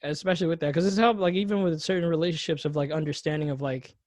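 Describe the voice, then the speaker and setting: A man's voice: on the high side, steady tone, fast, darkish tone, dry recording. Rambling young man hosting a podcast. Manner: rambling, full of fillers and restarts. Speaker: podcast host. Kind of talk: casual podcast conversation.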